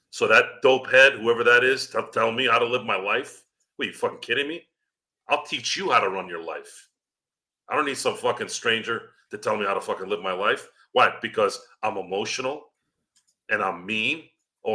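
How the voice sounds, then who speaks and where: A male podcast host delivers a profane, angry rant. His voice is very bright and cutting, dropping into a low growl before flaring into loud outbursts. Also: moderate pace. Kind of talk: profane ranting commentary.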